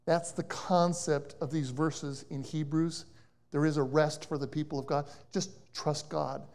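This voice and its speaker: Man, high voice, guest preacher, sermon, animated storytelling, loud-to-soft emphasis. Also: normal speed. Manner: animated storyteller, swings between loud emphasis and quiet asides. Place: church service.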